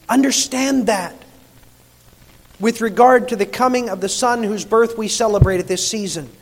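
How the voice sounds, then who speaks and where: High-voiced man preaching in a reverberant hall. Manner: emphatic preaching, slows on key phrases. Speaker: pastor. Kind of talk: sermon.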